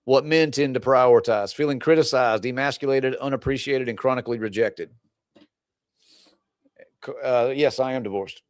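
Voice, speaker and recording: A man's voice: mid-range voice, moderate pace, no room sound. A man coaching his viewers in a loose, rambling livestream chat, laughing easily between points. His voice sits in an ordinary middle range, recorded close and dry with no room sound. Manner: rambling, chatty, laughs often. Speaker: relationship coach. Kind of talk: casual livestream talk to viewers.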